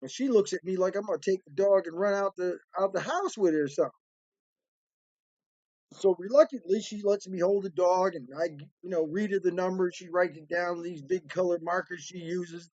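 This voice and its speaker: A man telling a true story about his mother in an animated storytelling style. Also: sits high, normal speed, no room sound. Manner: animated, acts out voices in quotes. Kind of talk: spoken personal storytelling. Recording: dry, slightly dull sound.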